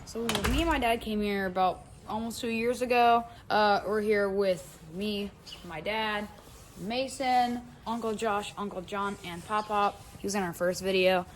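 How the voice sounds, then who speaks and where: A woman's voice: medium pitch, steady tone, unhurried, slight background noise. A young woman with a Southern US accent hosting a casual outdoor vlog by a lake, chatty and rambling with lots of fillers. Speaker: vlog host. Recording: loud music underneath.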